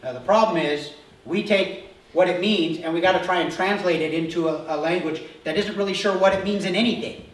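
A man with a high voice speaks briskly, a pastor giving a conversational sermon in a church sanctuary and often putting questions to the congregation. The recording comes from a distant mic in an echoey church hall.

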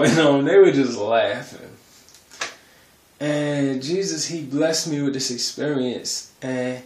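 A man's voice: mid-range voice, darkish tone, roomy sound. A man giving a casual religious testimony on his vlog, talking in a rambling, conversational way with many fillers. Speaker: video creator sharing a spiritual testimony.

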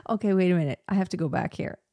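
A woman's voice: fairly low pitch, very fast, loud music behind the voice. A young adult woman vocal coach reacting in casual, enthusiastic commentary, now and then singing short demonstrations.

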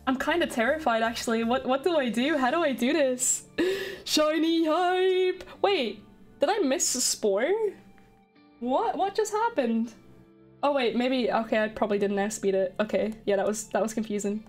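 A woman streaming a game live, excitable and chatty as she talks to her viewers. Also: fairly high pitch, moderate pace, faint music behind. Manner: excitable, chatty, talking to chat.

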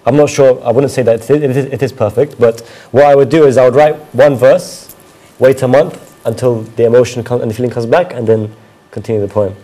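A man's voice: medium pitch, fairly even intonation, brisk, mellow, poor audio. A man reciting his own mournful elegy poem, repeating its refrains with a grieving voice that rises and falls with emotion.

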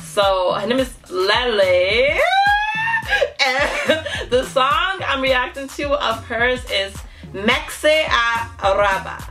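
Bubbly, bright-voiced woman vlogger. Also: high-pitched, expressive, slow, soft background music. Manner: bubbly and giggly, gushing exclamations to viewers. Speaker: YouTube reaction host. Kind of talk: casual reaction vlog chat.

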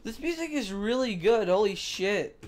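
Ein Mann kommentiert locker sein Videospiel, witzelnd und mit derben Flüchen. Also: male voice, sits high, expressive, moderate pace. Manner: casual, joking, profane. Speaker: let's play gamer. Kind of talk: casual gameplay commentary.

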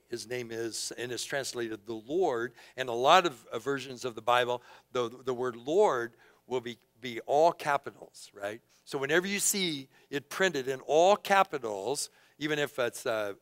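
A man preaching a sermon as pastor, impassioned and conversational, swinging between loud outbursts and hushed asides. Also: medium pitch, smooth, no echo. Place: church sanctuary.

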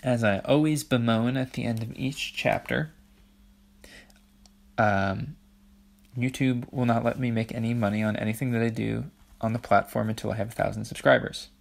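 Gravelly man reading a storybook aloud. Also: medium pitch, steady tone, moderate pace. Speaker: audiobook reader.

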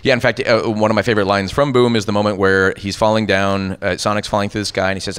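A man's voice: lowish voice, quick pace, hardly any pauses, clear, resonant tone, long reverb tail. A middle-aged man, a voice actor, chatting animatedly at a convention panel about his work. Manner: animated storyteller, rattles off ad copy and voices. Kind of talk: casual convention panel talk.

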